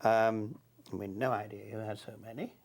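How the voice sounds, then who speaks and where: A man's voice: lowish voice, fairly even intonation, normal speed. A man, an actor, chatting hesitantly with many fillers while he reminisces about working on a show. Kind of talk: reminiscing conversation.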